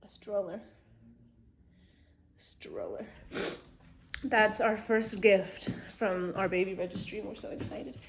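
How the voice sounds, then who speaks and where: A young woman chatting casually at home in an unboxing vlog, excitable and chatty, swearing freely and dropping to near-whispers. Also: medium pitch, slow pace, long pauses. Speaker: vlogger.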